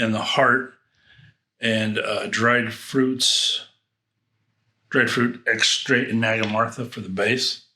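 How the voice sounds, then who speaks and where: A man's voice: mid-range voice, pushed and bright, echoey room. A man reviewing fragrances in a casual unboxing, rambling and thinking aloud with frequent restarts.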